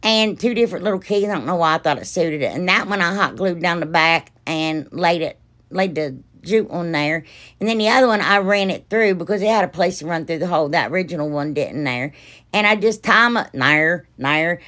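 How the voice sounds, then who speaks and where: Woman, craft vlog host, casual tutorial narration, chatty, rambling, enthusiastic, slightly low pitch. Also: fairly quick, fairly bright tone.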